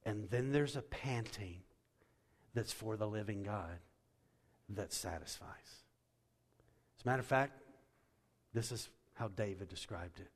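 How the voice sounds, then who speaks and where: A man's voice: fairly low pitch, unhurried, long pauses. Man preaching in a reverberant hall. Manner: preaching with wide swings from loud and soaring to hushed. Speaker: pastor. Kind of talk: sermon.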